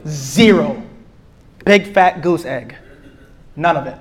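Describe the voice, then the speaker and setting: A man preaches to a class about relationships. He talks emphatically and leans hard on key lines, slowing down to repeat them. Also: on the high side, lively intonation. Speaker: pastor teaching a relationship class. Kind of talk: sermon-style teaching.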